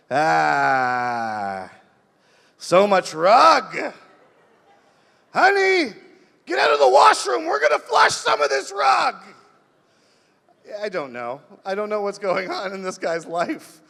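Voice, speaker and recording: A man doing a stand-up comedy monologue, rambling through animated stories. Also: sits high, long reverb tail.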